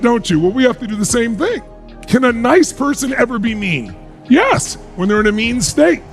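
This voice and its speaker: A man's voice: very high-pitched, sing-song, moderate pace, soft background music. A middle-aged man giving a motivational speech to a live audience, emphatic and full of rhetorical questions. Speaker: motivational speaker.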